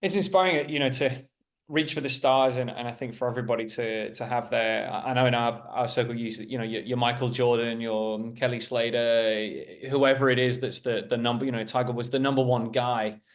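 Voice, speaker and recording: A man hosting an interview over a video call, talking in a halting way and repeating words as he restarts. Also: medium pitch, fairly even intonation. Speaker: interview host. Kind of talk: casual interview.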